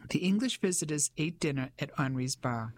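An audiobook narrator reading a novel in an even, measured storytelling manner. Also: mid-range voice, slight background noise. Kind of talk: scripted narration.

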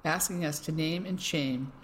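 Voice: medium pitch, normal speed, fairly bright tone, slight background noise, lightly acted, rough recording. Narrator doing a blustering town official. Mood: formal.

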